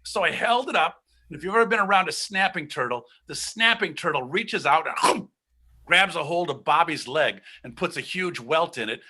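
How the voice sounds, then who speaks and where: Ohio guy telling a story, high bright voice, does all the voices. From Ohio, USA. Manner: animated, acts out the voices of the people in his story. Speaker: guest storyteller. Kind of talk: told personal story.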